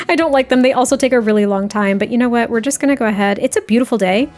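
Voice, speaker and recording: A young woman chatting through casual game commentary, laughing often and breaking into excited outbursts. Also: fairly high pitch, fast, faint music behind. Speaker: gameplay commentator.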